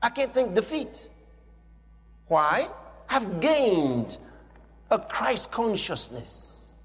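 A man preaching a sermon with emphatic, repetitive declarations that rise to shouting. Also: high-pitched, wildly swooping pitch, extremely slow. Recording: long hall reverb with faint music.

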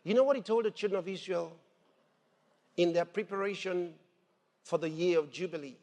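A man preaching a sermon in an animated way, laughing and raising his voice to shouts. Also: high-pitched, moderate pace. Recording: long hall reverb with faint music.

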